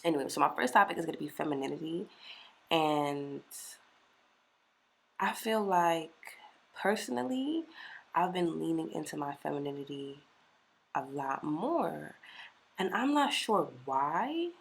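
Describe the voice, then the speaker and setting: A woman's voice: deep voice, unhurried, creaky, pauses often, slightly rough. A woman, hosting a casual solo podcast chat in a candid, slangy way. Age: 20s. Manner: candid, slangy and chatty, swears freely. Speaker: podcast host.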